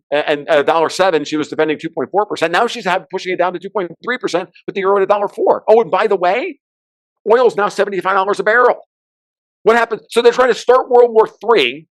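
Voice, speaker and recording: Male podcast guest, high voice, dry close sound, heated profane rant on markets and politics. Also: no echo. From United States. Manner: fast, ranting, profane, with sudden loud outbursts.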